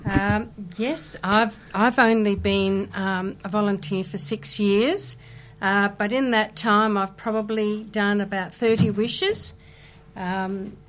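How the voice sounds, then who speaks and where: A woman, a volunteer wish coordinator, speaking as a radio interview guest, hesitant and soft-spoken with many pauses and fillers. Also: mid-range voice, fairly even intonation.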